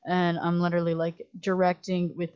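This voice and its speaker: A woman guest on a casual podcast, telling stories in an animated way with lots of "like" and acted-out quotes. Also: on the low side, normal speed, clean tone, dull audio. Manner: animated storytelling, many "like"s, acts out quotes. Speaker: guest filmmaker.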